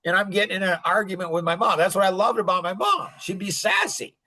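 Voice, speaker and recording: Male podcast host, slightly high pitch, loose rambling delivery with frequent chuckles. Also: lively intonation, fast talker, bright, forceful tone. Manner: rambling, chuckling, heavy use of "like". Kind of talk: casual podcast chat.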